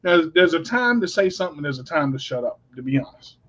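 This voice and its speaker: Blunt, animated man telling stories. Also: a little high, quick pace. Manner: animated, blunt, swears freely. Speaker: podcast co-host. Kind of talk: casual storytelling chat. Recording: dull lo-fi recording.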